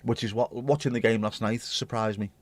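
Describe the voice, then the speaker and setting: A man's voice: fairly low pitch, steady tone, brisk, no echo. A man hosting a livestream, chatting to viewers in a rambling, jokey way and swearing casually. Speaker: livestream host.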